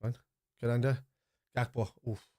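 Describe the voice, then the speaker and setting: A man with a Cork Irish accent, streaming a live football watchalong, chatting casually and shouting at the referee and players. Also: medium pitch, little pitch movement, normal speed, dry recording, studio quality. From Ireland. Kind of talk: live match reaction chat.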